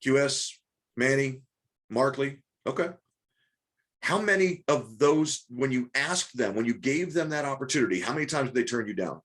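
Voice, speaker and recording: A man coaching a group on a live call, talking quickly with many restarts and rhetorical questions. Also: medium pitch, expressive, a bit bright. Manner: rapid, repetitive restarts, coaxing and rhetorical questions. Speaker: business coach.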